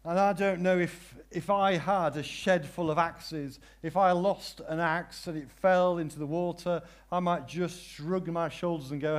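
Man preaching with dramatic hushed-to-loud swings. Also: a little high, steady tone. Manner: drawn-out, emphatic phrasing with repeated questions. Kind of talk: sermon.

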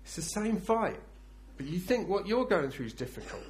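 A man preaching a sermon, acting out scenes dramatically and swinging from loud bursts to hushed, intense speech. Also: sits high, big pitch swings, moderate pace.

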